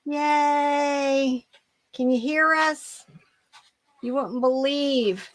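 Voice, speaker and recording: A German woman with a high, slightly bright voice hosts a reselling channel's live stream. She chats casually and upbeat, often repeating her own phrases.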